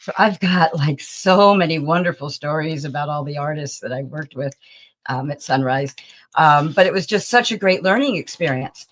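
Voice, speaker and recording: A woman in her sixties, a talent agency founder, telling lively stories from her career as an interview guest. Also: sits low, moderate pace. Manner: animated storyteller who acts out the people in her stories. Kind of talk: anecdotal interview storytelling.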